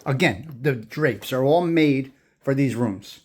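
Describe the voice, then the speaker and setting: A man's voice: medium pitch, lively intonation, slow pace. A man hosting a walking tour of an old house, talking to viewers with admiration and repeating his words. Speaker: host giving a house tour. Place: inside an old house, walking between rooms.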